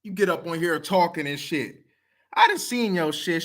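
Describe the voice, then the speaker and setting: A man's voice: on the high side, lively intonation, normal speed, a bit bright. A man talking straight to camera, blunt, profane and heated, repeating himself to press his point. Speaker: video commenter. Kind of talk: casual talk to camera.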